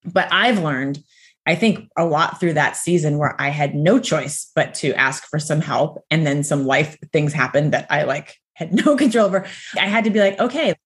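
A woman in her thirties, co-hosting a podcast, telling personal stories in an animated way with frequent laughs. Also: deep voice, normal speed. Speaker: podcast co-host. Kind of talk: casual podcast chat.

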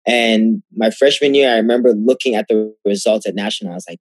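Young male guest, husky, low voice, lively storyteller, dry sound. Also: a little fast, no echo. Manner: animated, acts out quoted exchanges. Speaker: guest athlete. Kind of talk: casual storytelling interview.

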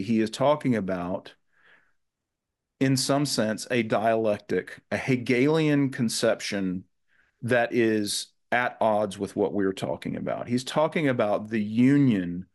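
A man's voice: fairly low pitch, a little slow. A man as a guest author in a conversational podcast interview, speaking in an earnest, thoughtful way with frequent restarts.

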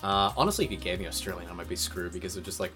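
A man's voice: low voice, racing, music in the background. A man hosting a casual podcast, trading wry, teasing banter with friends and swearing freely.

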